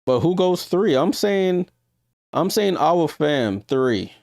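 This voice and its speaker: A man's voice: on the high side, very animated, takes it slowly, a little mellow, dry recording, studio quality. A man with a New York accent hosting a live stream, giving casual reaction commentary, thinking aloud and talking to his viewers with hesitant ums. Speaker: livestream host.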